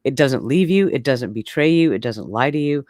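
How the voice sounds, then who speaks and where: A woman's voice: very deep voice, animated, moderate pace, a little mellow, no room sound. A candid woman in her forties chatting casually as a co-host. She laughs easily between thoughts. Her voice sits close and dry, with no room sound around it. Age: 40s. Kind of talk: casual chat.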